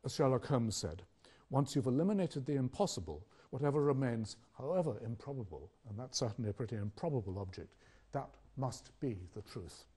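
An older man with a British accent giving an academic public lecture, measured and questioning, with rhetorical pauses. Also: medium pitch, lively intonation, mellow, breathy edge.

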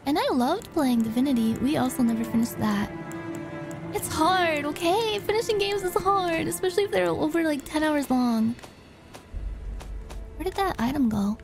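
A woman's voice: high voice, normal speed. A woman streaming a game, chatting casually, joking, swearing and thinking aloud. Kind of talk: casual gaming chat. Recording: game music behind.

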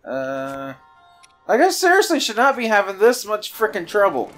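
A man with a high, bouncy voice chats through a let's play and grumbles at the game now and then. Game music plays behind him. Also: wildly swooping pitch, normal speed, a bit bright. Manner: exasperated, swears mildly at the game. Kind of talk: casual gaming commentary.

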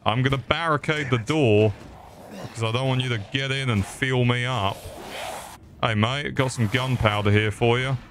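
A man's voice: medium pitch, normal speed, fairly bright tone, a little hiss or hum. A young man doing comedic let's play commentary, sarcastic and swearing, cracking jokes at the game's characters. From England. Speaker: gaming youtuber.

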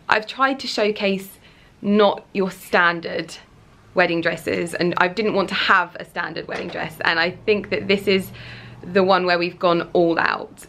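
A young woman, chatting excitedly to her handheld camera while out shopping, full of fillers. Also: fairly low pitch. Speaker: vlogger. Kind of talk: casual vlog chat. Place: out and about in shops, streets and a bridal boutique. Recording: noisy street and shop audio.

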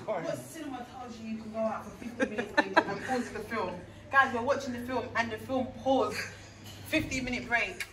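A woman's voice: a little high, normal speed, reverberant, far from the mic. A young woman vlogging casually on a phone in a cinema, sounding amused and laughing as she talks. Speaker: visiting YouTuber. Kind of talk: casual vlog chat. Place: cinema lobby. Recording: loud crowd chatter behind.

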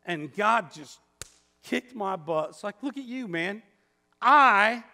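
A man's voice: sits high, bright, forceful tone. A man in his fifties preaching a sermon as pastor, telling stories in a conversational, self-mocking way. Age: 50s. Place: church sanctuary. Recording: long church hall reverb.

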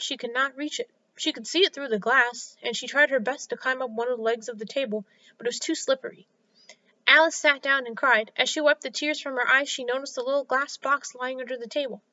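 Bright, high-voiced woman reading a children's story. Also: steady tone, fairly quick. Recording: slightly dull lo-fi sound.

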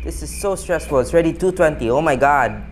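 A man hosting a gaming channel gives let's-play commentary. He is excitable and panicky, counts aloud, and keeps talking to his viewers. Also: fairly high pitch, fast talker, a little hiss or hum. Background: game music.

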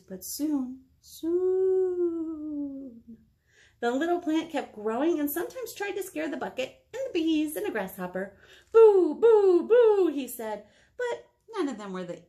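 Reading a picture book to children, a woman librarian stops to ask them questions and keeps things animated. She has a gravelly, medium-pitched voice.

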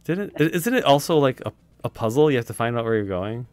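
A man chatting casually while playing retro games, his pitch jumping around with lively swings. He reacts with quick outbursts and laughs easily. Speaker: game player and co-host. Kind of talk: casual let's-play chat.

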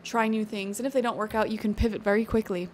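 A woman's voice: medium pitch, steady tone, fast, slight background noise. A woman giving a casual, encouraging tarot reading, chatty and thinking aloud with fillers. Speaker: tarot reader.

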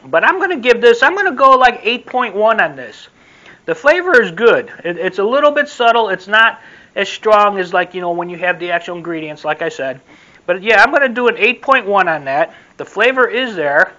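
A man's voice: high-pitched, lively intonation, normal speed, sharp tone, dull audio. A man casually reviewing a sauce on his vlog, repeating himself in a loose, rambling way. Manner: repetitive, rambling, friendly sign-off. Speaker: food vlogger. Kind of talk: casual taste-test review.

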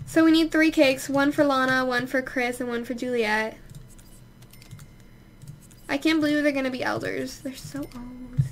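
A woman's voice: high-pitched, steady tone, normal speed, pauses often, a little hiss or hum. A young woman chatting casually while playing a life-sim game, exclaiming and scolding the characters. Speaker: let's play host. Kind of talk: casual gameplay commentary.

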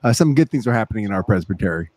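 A man's voice: lowish voice, sing-song, rapid-fire, crowd noise. A man hosting a casual chat as a pastor, easygoing, asking open questions. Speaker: host pastor.

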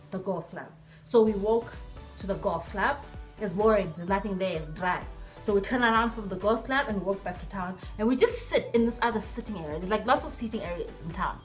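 Animated young woman telling a storytime. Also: mid-range voice. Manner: animated, acts out dialogue in voices. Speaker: vlogger. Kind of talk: storytime vlog.

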